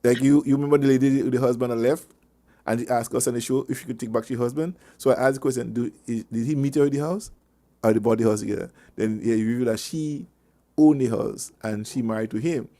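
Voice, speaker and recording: Male radio host, mid-pitched, rambling anecdotal advice, chuckles often, repeats himself. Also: steady tone, quick pace, mellow. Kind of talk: casual advice talk. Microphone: online meeting call.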